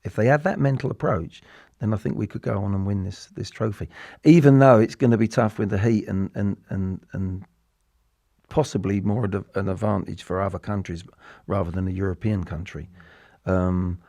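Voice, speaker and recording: An English man in his sixties, once a footballer, speaks as an interview guest in a casual, reflective way. His voice sits on the low side with warm, fairly even intonation at a normal speed, and the recording is dry. He rambles, often restarting and repeating words.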